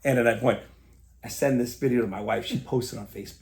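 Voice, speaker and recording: A man as a podcast guest, telling stories in a casual, animated way and acting out the dialogue. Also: medium pitch, quick pace, creaky. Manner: animated storyteller, acts out quoted dialogue. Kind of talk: casual storytelling chat.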